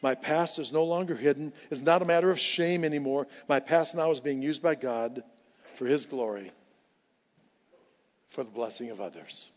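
A pastor preaching a sermon with passion, repeating key lines for emphasis. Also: male voice, fairly high pitch, normal speed. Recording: dull sound with long hall reverb.

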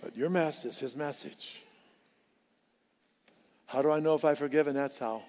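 A man preaching with fervor, hammering home key phrases and swinging from hushed to loud, his voice sitting a little high. The sound carries a long hall reverb and comes through dull and muffled, as from a church sanctuary. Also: fairly even intonation, moderate pace. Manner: impassioned preaching, repeating lines for emphasis. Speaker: pastor. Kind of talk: sermon.

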